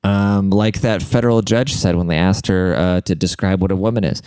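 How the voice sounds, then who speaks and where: Low, mellow-voiced man rambling on a podcast. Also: fairly even intonation, normal speed, clear, resonant tone. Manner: rambling, profane, jokey. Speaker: podcast host and comedian. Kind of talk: solo podcast monologue.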